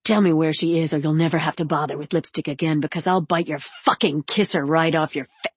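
A cruel, taunting male brute with a low, doglike growl, put on by a woman narrating the audiobook. He threatens and mocks. The sound is dry and close. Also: fairly even intonation, brisk, husky, no echo. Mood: growling menace. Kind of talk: audiobook character voice.

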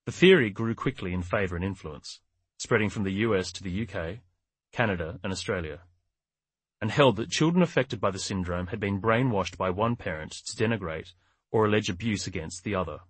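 Scripted narration comes from a male audiobook reader whose voice is low and husky. There's no room sound, and his delivery is measured and steady.

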